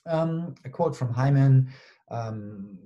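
A man's voice: medium pitch, slow, muffled recording. A man presenting a linguistics conference talk, explaining step by step with frequent ums and okays. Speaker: linguistics lecturer.

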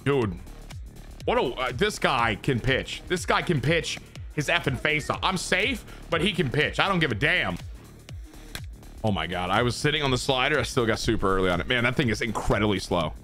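A young man commentating his own baseball video game play, excitable and swearing as he talks to himself and his viewers. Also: medium pitch, normal speed, soft background music. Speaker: gaming streamer. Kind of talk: live gameplay commentary.

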